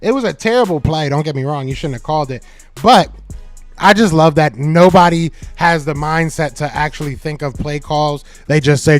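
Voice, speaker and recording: A man's voice: fairly high pitch, normal speed, soft background music. A man hosting a sports talk live stream, answering his chat with teasing jabs that he repeats several times. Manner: animated, talks back to chat commenters. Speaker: podcast host.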